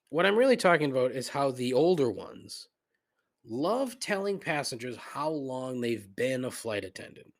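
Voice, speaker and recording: A middle-aged man riffing through a casual podcast rant, swearing freely and wandering off on tangents. His voice sits at an ordinary middle pitch, and he griping with comic frustration, breaking off into asides. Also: big pitch swings, measured pace. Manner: profane, rambling, griping, frequent laughs and asides. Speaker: podcast host.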